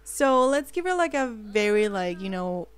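A young woman giving excitable let's play commentary, giggling, gasping and fretting aloud while she plays. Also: mid-range voice, moderate pace, clear, resonant tone, no echo. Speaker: gaming channel host.

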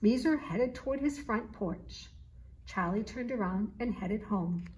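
A woman author reading her children's picture book aloud, in a slow, clear storytelling manner. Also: medium pitch, a little mellow.

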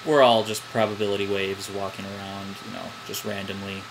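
A man's voice: fairly low pitch, level tone, fairly quick. A young man with a Midwestern American accent, hesitant and full of ums as he chats casually to the camera at home. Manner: hesitant, lots of ums and "I don't know". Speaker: vlogger. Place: at home, in pajamas. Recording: air conditioner hum behind.

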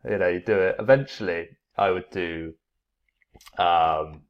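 A man who teaches English online, explaining a classroom game in a relaxed, casual way and repeating his points. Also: low voice, measured pace. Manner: relaxed, repeats himself, acts out playful classroom exclamations.

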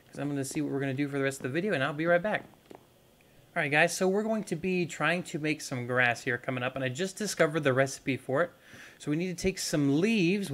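A man's voice: fairly high pitch, a bit bright, slight background noise. Casual young man narrating gameplay. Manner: rambling, talks to viewers while playing. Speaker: gaming YouTuber. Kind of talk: casual let's-play commentary.

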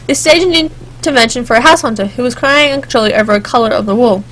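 Woman reading a game out loud, kinda high voice, jokey side comments, bit of hiss. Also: fast. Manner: chatty, jokey asides, sings snatches. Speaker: let's play gamer. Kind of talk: reading game text aloud with casual commentary.

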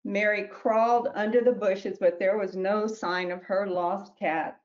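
A woman who wrote a children's book reads it aloud with gentle storybook narration and small slips, then talks about it. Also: mid-range voice, fairly even intonation, unhurried, muffled recording. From New Mexico, US. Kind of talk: reading her picture book aloud.

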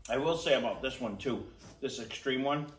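A man's voice: mid-range voice, recorded from a distance. A man chats his way through a hot sauce tasting, his mouth burning as he goes. He restarts sentences and repeats words while hunting for the right description. He sits some way back from the mic in an echoey room with a faint hiss behind him. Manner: halting, repeats words while searching for them. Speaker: food reviewer. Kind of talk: casual tasting chat.

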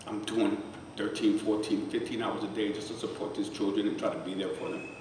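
A man's voice: on the low side, steady tone, a little fast. A middle-aged man giving a heartfelt, conversational personal testimony at a charity celebration, sometimes choking up. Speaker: guest speaker at a charity celebration. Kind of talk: emotional personal testimony speech. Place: large event hall. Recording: echoey hall, distant mic, background noise.

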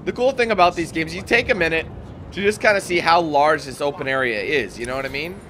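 A man's voice: fairly high pitch, fast talker, pushed and bright, slight background noise. A young man casually commentating a game, chatty and swearing when frustrated. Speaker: gameplay commentator. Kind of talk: casual let's play commentary.

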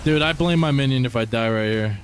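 A young man giving casual gameplay commentary as he plays, excitable, swearing often and talking to his viewers. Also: mid-range voice, fairly quick, slight background noise. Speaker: gaming streamer.

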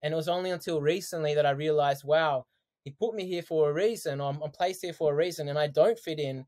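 A man, a podcast guest telling his story in casual, animated chat, laughing often. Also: on the high side, fast. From Australia.

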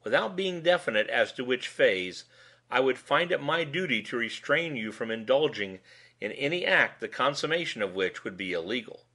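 A man's voice: mid-range voice, expressive, normal speed, sharp tone. A man voicing a sly, amused male police lieutenant who talks in a wordy, mock-formal way.

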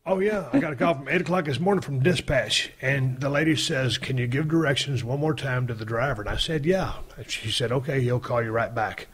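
A man hosting a podcast, telling a story in a casual, profane, animated way and acting out the people he quotes. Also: mid-range voice, a little fast, hardly any pauses. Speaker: podcast host.

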